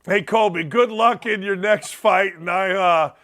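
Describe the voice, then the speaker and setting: A middle-aged man hosting a sports talk show, loud and fired up, ranting with bursts of shouting. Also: sits high, measured pace.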